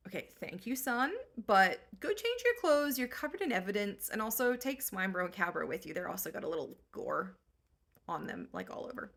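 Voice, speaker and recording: A woman's voice: medium pitch, big pitch swings, fairly quick, vocal fry, a bit bright, heavily acted. A woman voicing a blunt, impatient male warrior king who talks in a curt, offhand way.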